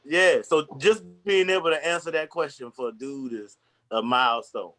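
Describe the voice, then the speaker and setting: A young man talking candidly on a podcast, telling personal stories with animated asides and quick restarts. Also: fairly high pitch. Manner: candid, storytelling, acts out voices in anecdotes. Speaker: podcast guest. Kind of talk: casual conversation.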